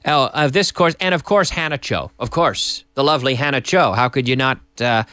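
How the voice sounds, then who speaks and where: Hosting a live-stream English lesson from a TV studio, this teacher chats casually and reads viewer messages aloud. His medium-pitched voice is animated, pushed, and bright, moving at a moderate pace.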